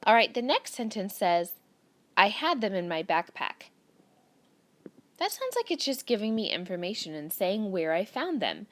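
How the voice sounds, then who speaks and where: Speaking at a normal pace with a very animated, fairly bright medium-pitched voice, a woman teacher walks young students through a grammar worksheet. She patiently reads the sentences out and explains each step in this recorded children's lesson.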